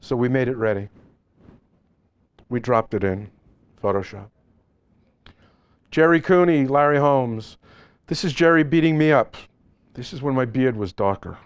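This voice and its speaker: A middle-aged or older man speaks at a live seminar in an event space, clicking through his slides. He keeps the talk animated and joking, with a mid-range voice. The sound is dry, with little room echo. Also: medium pitch, measured pace, long pauses, smooth, muffled recording. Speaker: photographer giving a seminar.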